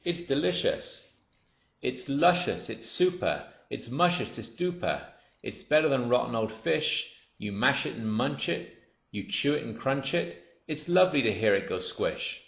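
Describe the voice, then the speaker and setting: A man's voice: lowish voice, moderate pace, a bit bright. A man voicing a greedy, boastful crocodile in a storybook reading, savoring every nasty word. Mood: gloating. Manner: sly, boastful, relishing. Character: gloating greedy male crocodile. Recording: roomy, dull lo-fi.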